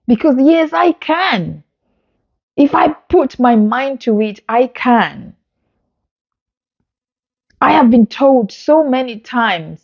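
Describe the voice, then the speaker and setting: A woman's voice: a little high, dull audio. A woman vlogger telling a personal story to camera in an earnest, emotional way. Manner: earnest, emotional retelling with acted-out dialogue. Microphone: phone.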